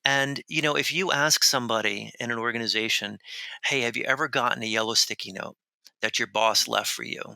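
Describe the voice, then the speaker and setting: A man speaking as a guest author in a podcast interview, telling a story in an animated, rambling way with many restarts. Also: medium pitch, a little fast, creaky, no echo, low-quality recording. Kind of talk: conversational storytelling.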